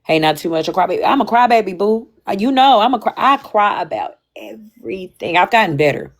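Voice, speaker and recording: A young woman talking candidly and casually to her stream audience, animated and slangy, swinging between loud bursts and quiet asides. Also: mid-range voice, brisk. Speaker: livestream host. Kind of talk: casual chat.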